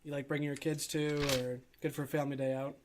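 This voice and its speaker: A man's voice: fairly high pitch, flat delivery, fast talker, noisy background. A man hosting a casual beer podcast, asking curious questions. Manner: curious, asks questions to guests. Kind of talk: casual chat over beers.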